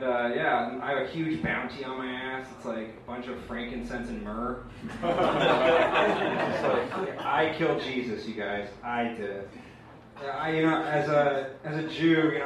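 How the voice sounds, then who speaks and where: In a small open mic room, a young man's self-deprecating stand-up set rambles and leans on fillers while the audience laughs. His voice is medium-pitched, with background noise, and the echoey live bootleg was recorded from a distance.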